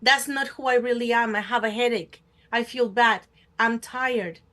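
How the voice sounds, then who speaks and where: A woman hosting a talk show with a slightly high voice. She tells a personal story in a casual way, often stepping into the voices of the people in it. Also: steady tone, moderate pace, a bit bright. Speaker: host.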